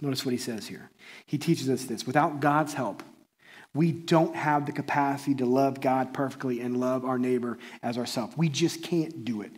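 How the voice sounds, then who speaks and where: A man preaching a sermon in a conversational, animated way, often checking in with listeners. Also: medium pitch, moderate pace. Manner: conversational, animated, often asks the audience "right?". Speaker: pastor.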